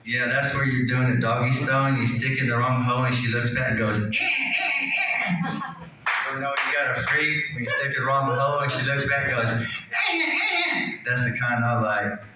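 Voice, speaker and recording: A man doing stand-up, drawling through a rambling story at an ordinary pitch. His voice is heard from across a very echoey club room. Crowd noise sits clearly behind him. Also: steady tone, quick pace, few pauses, distant mic. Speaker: stand-up comedian. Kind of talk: stand-up comedy. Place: comedy club stage.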